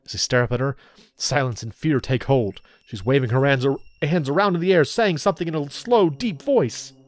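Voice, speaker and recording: A man's voice: medium pitch, a little fast, dry recording. A man hosting a let's play, reading the game's story aloud with playful, laughing asides. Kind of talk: reading game text aloud with commentary.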